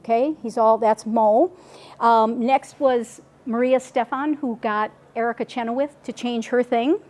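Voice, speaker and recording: A woman's voice: fairly high pitch, measured pace. Chatty woman telling a meeting story. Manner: chatty and animated, with many asides and restarts. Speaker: local group member reporting to a meeting. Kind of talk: casual storytelling report. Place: meeting room.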